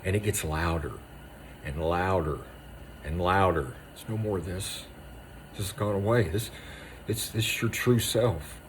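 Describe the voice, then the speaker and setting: A man, an Army veteran, gives a raw spoken monologue, hammering short phrases with intensity and often dropping to a hushed voice. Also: on the low side, normal speed, slight background noise. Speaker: Army veteran speaking on moral injury.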